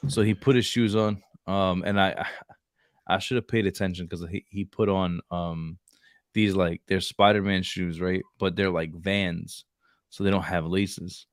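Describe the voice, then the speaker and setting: A man's voice: deep voice, fairly even intonation, measured pace, dry recording, studio quality. A man in his thirties co-hosting a casual chat, telling stories loosely with lots of "like" and "bro". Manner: storytelling, says "like" and "bro" a lot. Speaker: podcast co-host.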